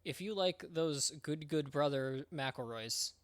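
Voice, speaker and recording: A laid-back man in casual conversation who trades dry quips and offhand stories. His voice sits a little high for a man and sounds close and dry, with no room around it. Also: slow, no echo. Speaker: podcast co-host. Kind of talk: casual chat.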